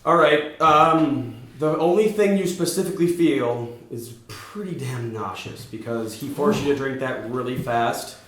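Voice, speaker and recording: A man's voice: medium pitch, a little slow, few pauses, fairly bright tone. A man narrating as game master in a casual, loose way, briefly slipping into the voices of characters. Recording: echoey room.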